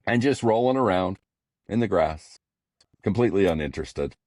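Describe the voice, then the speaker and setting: A man's voice: sits low, lively intonation, darkish tone, dry recording, clean studio sound. An older man co-hosting a podcast, joking in playful banter. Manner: jokey, playful banter with quick laughs. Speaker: podcast co-host. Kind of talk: casual comedic chat.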